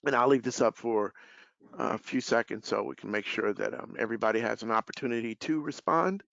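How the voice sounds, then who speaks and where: A man with a gravelly, creaky voice hosts a business webinar in a casual, relaxed manner, working through questions and closing remarks. The audio is dry and a bit dull, as over a video call. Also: medium pitch, a little fast, no echo. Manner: casual, relaxed, filler-heavy. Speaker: webinar host, life sales director.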